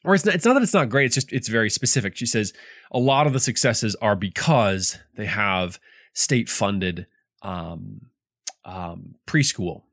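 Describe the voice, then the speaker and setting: Man, casual book chat, lively pitch, dry close sound. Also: moderate pace, dry recording. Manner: animated, laughing, many restarts. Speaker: podcast co-host.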